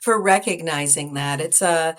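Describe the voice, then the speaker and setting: A woman's voice: low-pitched, normal speed. A woman in her sixties with an American accent, a midwife talking casually as an interview guest, rambling and laughing often. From United States. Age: 60s.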